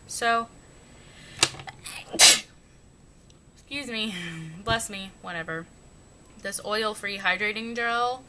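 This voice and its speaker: A young woman chatting casually through her makeup routine, rambling and joking at herself. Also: sharp tone. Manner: chatty, rambling, self-mocking. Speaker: beauty vlogger. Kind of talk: casual makeup tutorial chat. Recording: noisy home recording with rumble.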